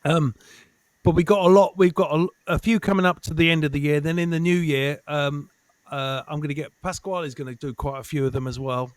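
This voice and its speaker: A man from Essex, a comedian guest in casual chat who is animated, swears and repeats himself for emphasis. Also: on the high side, brisk, no room sound. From Essex, England.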